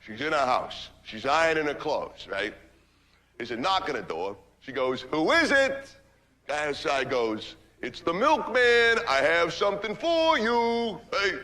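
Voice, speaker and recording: A man's voice: fairly high pitch, very animated, measured pace, sharp tone, exaggerated voice. A stoned rambling party guy. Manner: rambling, crude, keeps saying "man" and "right". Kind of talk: stage monologue.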